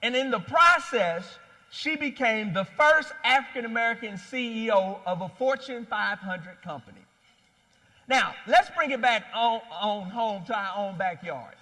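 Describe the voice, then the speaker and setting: A man giving a live keynote speech at an expo, telling a story and rallying the crowd with animated energy. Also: high voice. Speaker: founder and CEO giving a keynote. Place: large hall at a live expo. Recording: long hall reverb.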